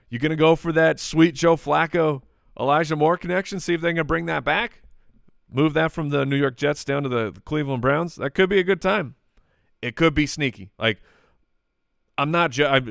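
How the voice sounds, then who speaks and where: A man hosting a live podcast, answering listener questions in rapid fire, joking and restarting often. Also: mid-range voice, fairly bright tone, clear, resonant tone, no echo, studio quality.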